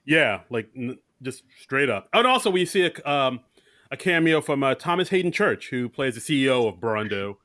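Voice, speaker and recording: A man's voice: medium pitch, big pitch swings, normal speed, sharp tone, no echo, studio quality. A man co-hosting a podcast, casually recapping a movie and jokingly acting out lines from it. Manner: jokey, acts out characters' lines. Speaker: podcast co-host.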